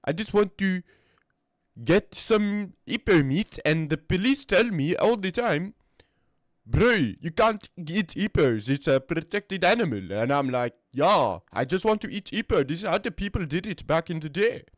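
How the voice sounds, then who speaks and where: A man's voice: high-pitched, lively intonation, no room sound, studio quality, voice pushed up. A man doing an exaggerated South African accent, voicing a brash young man who rambles and brags. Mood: rambling. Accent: put-on South African. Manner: rambling, exaggerated, drawn-out delivery.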